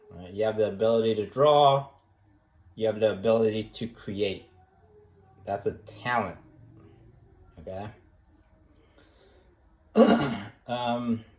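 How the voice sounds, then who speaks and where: Man, art teacher, slow deadpan teasing, echoey room sound. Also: fairly low pitch. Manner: teasing, deadpan, many fillers and tag questions. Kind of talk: rambling, joking recommendation speech.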